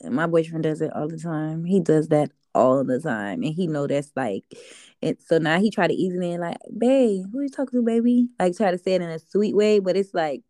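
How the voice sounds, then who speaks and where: Young woman, casual interview guest, easygoing and chatty, lowish voice, dry close sound. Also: normal speed, mellow, dry recording. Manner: easygoing, chatty, laughs often. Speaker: guest artist.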